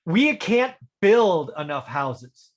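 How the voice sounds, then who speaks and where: A man's voice: high-pitched, sing-song, takes it slowly. A man hosting a podcast, chatting and joking as he tells stories about investing. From Fresno, California. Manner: joking, conversational storyteller. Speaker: podcast host. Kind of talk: casual podcast chat.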